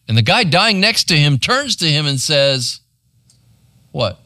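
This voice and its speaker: Guy pastor teaching bible study, bright voice, bouncy pitch, chatty, keeps asking "right?". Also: big pitch swings, moderate pace, no room sound, clean studio sound. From United States. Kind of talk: sermon.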